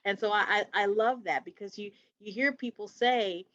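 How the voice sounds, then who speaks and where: A woman's voice: medium pitch, moderate pace, hardly any pauses, a bit bright, no room sound. A woman co-hosting a podcast in casual conversation, reflective and repeating phrases for emphasis. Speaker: podcast co-host. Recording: dry, dull lo-fi sound.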